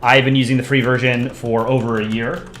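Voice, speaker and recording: A man's voice: medium pitch, flat delivery, fairly quick, a bit bright, roomy sound, slight background noise. A man casually chatting with his stream audience while drawing, thinking aloud and answering chat requests.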